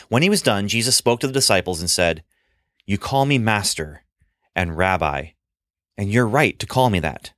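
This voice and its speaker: A man telling a Bible story for children in an expressive, dramatic way from a script. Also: sits low, normal speed, no room sound, clean studio sound. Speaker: storyteller for a church children's ministry.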